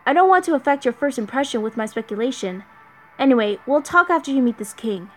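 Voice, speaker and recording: A woman voicing a cautious male doctor who speaks quickly and hesitantly. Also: high voice, lively intonation, faint music behind. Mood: uneasy.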